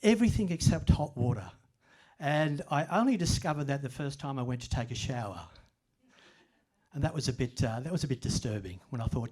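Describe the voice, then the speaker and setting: A man's voice: mid-range voice, expressive, brisk, darkish tone, husky. An older man giving a self-deprecating, humorous storytelling talk at a library event. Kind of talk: storytelling presentation.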